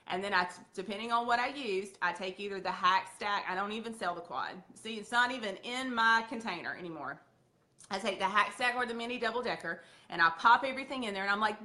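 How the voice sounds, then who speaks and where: A woman's voice: medium pitch, brisk, pushed and bright. A woman with a Southern accent giving a sales training talk, chatty, acting out her talks with customers. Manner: chatty, acts out customer dialogue.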